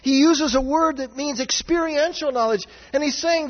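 A man preaching a sermon as pastor, earnest and searching, swinging from raised, near-shouted passages down to low, quiet ones. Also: normal speed, few pauses. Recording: dull sound with long hall reverb.

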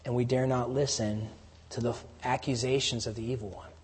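A man preaching a sermon, moving from emphatic lines to hushed, near-whispered stresses. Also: medium pitch, little pitch movement, brisk. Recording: long hall reverb.

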